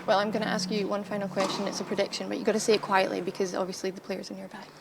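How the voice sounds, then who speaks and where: A woman interviews courtside at a tennis event, putting brisk, leading questions. Her voice sits at a middle pitch. Loud noise covers the feed. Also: flat delivery, gravelly.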